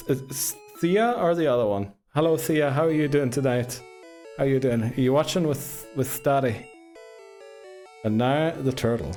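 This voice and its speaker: A man's voice: mid-range voice, mellow. A man casually hosting a game live stream, laughing and greeting viewers by name. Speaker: streamer host.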